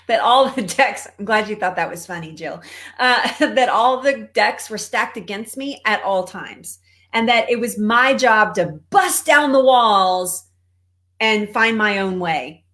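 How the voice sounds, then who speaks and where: Slow-talking Texan woman coach. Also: medium pitch, expressive, a bit bright. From Texas. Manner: conversational, greets viewers, laughs often. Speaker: cancer coach. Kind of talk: live-streamed motivational talk.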